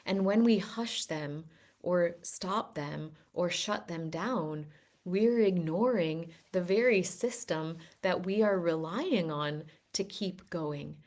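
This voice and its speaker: A woman with a deep, low-pitched voice talks through a reflective wellness lesson for her group. She is earnest and gently persuasive, often restarting her phrases as she thinks aloud. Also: slow pace. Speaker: wellness teacher. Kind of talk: reflective teaching talk.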